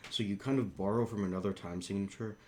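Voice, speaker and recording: A man reacting to a song and explaining music terms, counting beats aloud and singing snippets in a rough morning voice. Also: fairly low pitch, fairly even intonation, fast, noisy background. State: morning voice, rough on high notes. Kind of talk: casual reaction and music analysis.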